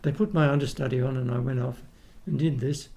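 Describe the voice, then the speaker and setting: With a mellow, medium-pitched voice, steady tone and touches of vocal fry, an older Australian man speaks a little fast. He's a retired opera tenor guesting on a casual podcast, spinning rambling, frequently restarted anecdotes in his Australian accent.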